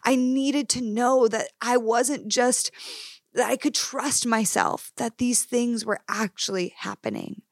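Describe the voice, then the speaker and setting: A woman's voice: a little high, steady tone, takes it slowly, dry recording, clean studio sound. Earnest young woman hosting a podcast. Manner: earnest, emphatic, speaks directly to listeners. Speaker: podcast host. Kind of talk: candid solo podcast talk.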